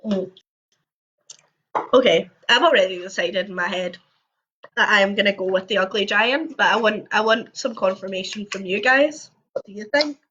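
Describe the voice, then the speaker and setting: Woman reading a storybook aloud at home, jokey asides, bright tone, dull lo-fi livestream audio. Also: mid-range voice, normal speed, slight background noise. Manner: chatty, jokey asides between passages.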